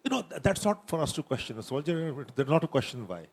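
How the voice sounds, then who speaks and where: Fast-talking retired general. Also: male voice, on the high side, sing-song, a crowd in the background. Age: 60s. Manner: direct, soldierly, thinks aloud. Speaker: retired army general on a panel. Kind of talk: panel discussion.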